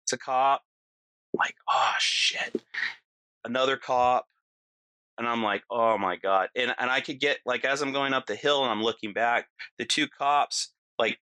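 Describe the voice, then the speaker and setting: Guy telling a wild story casually, acts out the quotes, bright voice, keeps saying you know. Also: mid-range voice, clean tone, no echo.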